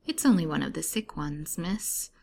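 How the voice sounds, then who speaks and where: A woman's voice: low voice, very animated, moderate pace, creaky, warm tone, exaggerated voice. A woman doing a placid, soothing nurse. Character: placid, kindly female asylum nurse, soothing.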